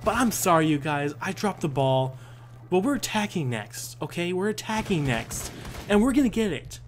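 A young man narrates his own gameplay in a lively, up-and-down voice that jumps high when things go wrong. He swears freely and mocks himself with quick laughs. A faint hiss of noise sits under the desk-mic recording. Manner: excitable, swearing, yelps and self-mocking laughs. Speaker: gaming YouTuber. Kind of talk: let's play commentary.

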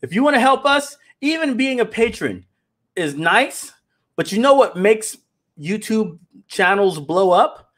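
Brief: high-pitched man, casual livestream host, animated and direct with his audience. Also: a little slow. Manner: animated, talks straight to viewers, repeats words. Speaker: animation company founder hosting a livestream.

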